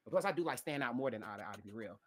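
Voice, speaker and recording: A man's voice: medium pitch, background noise. A man co-hosting a casual podcast chat, talking in an emotional, dramatic and apologetic way that rambles on. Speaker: podcast co-host.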